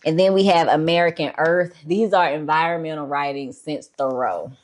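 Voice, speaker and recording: A woman's voice: low voice, fairly even intonation, normal speed. A woman vlogger chatting casually about her book collection, laid-back and chatty, with lots of fillers and a "y'all" here and there. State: a bit out of breath. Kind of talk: casual show-and-tell chat.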